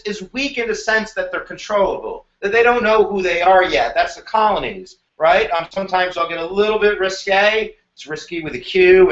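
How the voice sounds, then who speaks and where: An energetic male history teacher runs a live exam review, joking as he goes. His voice sits high and bright. The live stream sounds roomy and dull, like lo-fi audio. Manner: animated, joking, slips into silly voices.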